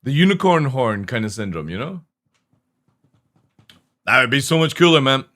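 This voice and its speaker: Brief: male game streamer, lively up-and-down delivery, profane exasperated rant, mid pitch. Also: moderate pace. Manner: animated, swearing often, exasperated.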